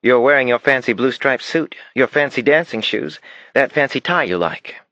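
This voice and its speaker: A man's voice: medium pitch, moderate pace, fairly bright tone, no room sound, lo-fi sound, voice pushed up, close to an everyday voice. A man voicing an eager little girl. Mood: admiring. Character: young girl, eager and teasing.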